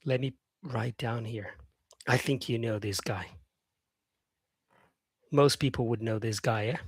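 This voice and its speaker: A man's voice: mid-range voice, measured pace, slightly rough, no echo. A man teaching English on a live stream, chatting with viewers by name, saying "yeah" often and modelling words by repeating them.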